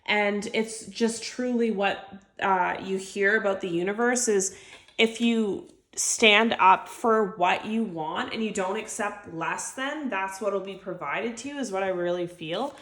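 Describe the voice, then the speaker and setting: A woman's voice: mid-range voice, unhurried, a bit bright. A woman giving an intuitive tarot reading to camera, chatty and heartfelt, full of filler words. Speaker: tarot reader. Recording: echoey room.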